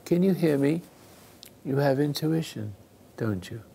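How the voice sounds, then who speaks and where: Man, radio host, spiritual call-in talk, gravelly voice, slow, rhetorical questions. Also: fairly high pitch, animated, warm tone.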